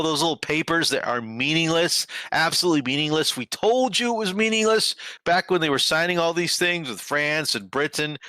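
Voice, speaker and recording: A man's voice: medium pitch, sharp tone, dry recording. A man hosting a political commentary show, talking sarcastically and emphatically over news clips.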